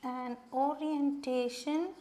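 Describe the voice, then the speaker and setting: A woman teacher giving a spoken lesson, explaining slowly and often checking in with "okay". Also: high voice, fairly even intonation, dark tone. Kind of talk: spoken lesson on phone manners.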